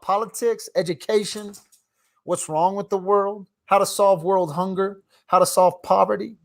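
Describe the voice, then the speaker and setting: A man hosting a casual live stream from his phone, ranting and swinging from loud outbursts to mumbled asides. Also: high voice, normal speed, creaky. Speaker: livestream host.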